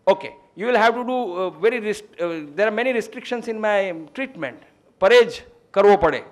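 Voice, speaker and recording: A man's voice: sits high, expressive, fast talker, pitched above the performer's own voice. A man voicing an eccentric, brilliant old village healer who speaks brusquely and gives commands. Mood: commanding.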